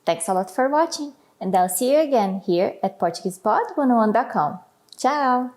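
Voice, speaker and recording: A woman teaching a language lesson, saying each phrase slowly and clearly, then repeating it for learners. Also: on the high side, expressive, a little mellow.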